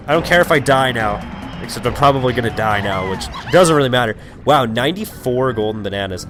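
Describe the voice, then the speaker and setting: A young Canadian man, mid-pitched, talking loosely to his viewers as he plays, with "like" in nearly every phrase. He drifts from one thought to the next in a casual, unscripted way. Faint game music plays under his voice. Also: lively intonation, a little fast, a bit bright. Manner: rambling, heavy on "like" and swearing. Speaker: let's play commentator. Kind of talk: casual gameplay commentary.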